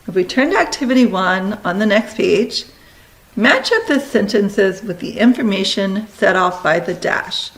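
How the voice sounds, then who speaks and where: A woman teacher giving a recorded lesson, talking students through steps in brisk, directive instructions. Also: medium pitch, fairly bright tone, poor audio.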